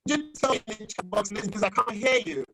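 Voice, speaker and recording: A woman giving a formal grammar and pronunciation report over a video call, speaking in a deliberate, pedantic, corrective way. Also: medium pitch, music in the background, rough recording. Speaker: grammarian at a club meeting.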